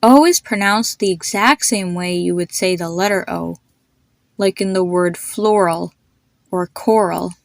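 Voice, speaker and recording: A woman hosting a pronunciation lesson, demonstrating sounds slowly and repeating them for the listener. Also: fairly low pitch, creaky, no echo. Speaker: host teaching pronunciation.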